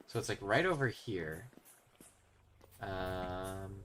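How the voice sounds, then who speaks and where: Excitable young man doing game commentary. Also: lowish voice, takes it slowly, long pauses, faint music behind. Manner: excitable, shouts when thrilled, then mutters quietly. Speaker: gaming video host. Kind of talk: casual let's-play commentary.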